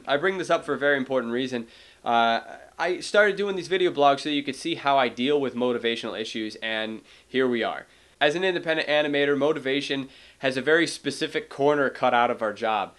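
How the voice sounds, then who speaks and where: This man is an independent animator chatting casually about his process, vlog-style, into a cheap desk microphone at home. His voice is on the high side and a bit bright.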